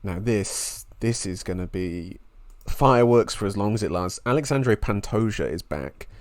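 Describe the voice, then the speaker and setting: Fight podcast guy, lowish voice, gets fired up and emotional, dry close sound. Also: darkish tone, no room sound. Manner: enthusiastic, openly emotional. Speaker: podcast co-host. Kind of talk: casual sports podcast chat.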